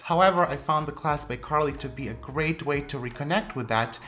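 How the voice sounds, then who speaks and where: Woman, low-pitched, playful, sudden emphatic rises, casual lesson. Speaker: plant channel host. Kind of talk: casual instructional talk.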